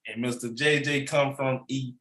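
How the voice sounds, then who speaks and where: Animated, rambling man in an echoey room. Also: mid-range voice, normal speed. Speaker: sports channel host. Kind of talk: casual sports commentary.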